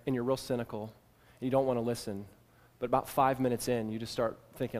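A man delivers a sermon in a somewhat high voice and draws listeners into a story told in the second person. He drops to near-whispers and then builds to bold emphasis. His voice carries a long, lingering reverb from a large hall. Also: quick pace. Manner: dramatic second-person retelling, swings from hushed to emphatic. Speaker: preacher.

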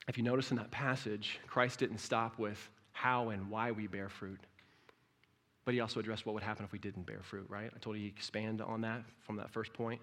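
A middle-aged man preaching a sermon as pastor, direct and blunt, swinging from quiet reflection to loud, impassioned peaks. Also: on the low side, level tone, fairly quick.

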